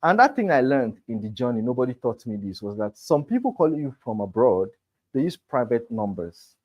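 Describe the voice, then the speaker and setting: A man's voice: medium pitch, sing-song, a little fast, lo-fi sound. A man teaching a sales class, emphatic and talking straight to his students. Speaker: real estate sales trainer. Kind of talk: motivational class lecture.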